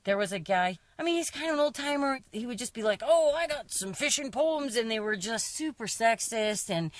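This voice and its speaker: Woman, commercial fisher, storyteller, lively delivery, dry close sound. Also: fairly quick, no room sound. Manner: lively, mimics other people's voices with sharp pitch jumps. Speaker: commercial fisher and zine publisher. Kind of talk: casual storytelling and reading her own story aloud.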